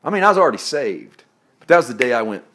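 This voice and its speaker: A man preaching a sermon, swinging from loud exclaiming to hushed, intimate tones, often laughing as he talks. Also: mid-range voice, big pitch swings, fast.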